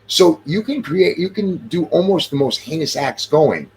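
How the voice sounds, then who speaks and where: A man's voice: fairly high pitch, lively intonation, moderate pace, creaky, a little hiss or hum. A middle-aged man in casual chat, talking emphatically and repeating his points.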